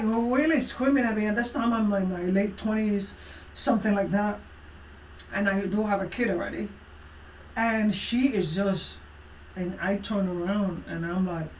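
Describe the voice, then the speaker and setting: A woman life coach telling a motivational personal story, emphatic and expressive, with frequent fillers. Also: mid-range voice, a little slow, recorded from a distance, a little hiss or hum. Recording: roomy echo from away from the mic.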